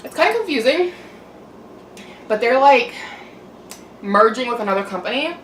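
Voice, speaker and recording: A fairly high-pitched young woman talks in a loose, rambling vent, full of "like" and the odd curse word. Her voice carries a roomy echo, as if the mic sits a little way off in a room at home. A faint steady hum runs underneath. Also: moderate pace, distant mic. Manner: chatty, aggravated, swears, lots of "like". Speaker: mukbang vlogger. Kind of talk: casual venting chat.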